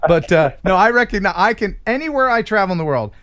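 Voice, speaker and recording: A man's voice: high-pitched, expressive, fast talker, a bit bright. A man from Alabama with an Alabama accent, hosting a live stream chat and laughing often. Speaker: host.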